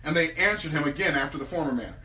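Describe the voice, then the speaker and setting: A man preaching a sermon, retelling scripture in lively everyday speech. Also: a little high, very fast, echoey room, recorded from a distance. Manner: animated, retells scripture in casual everyday talk. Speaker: preacher teaching on business and faith.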